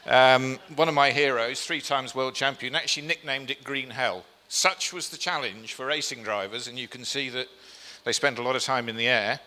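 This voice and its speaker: Speaking at normal speed with hardly any pauses, a man in a medium-pitched, pushed and bright voice presents slides to a live event-hall audience. He's chatty and self-mocking, full of ums, and asks the crowd questions. The hall lends a long reverb.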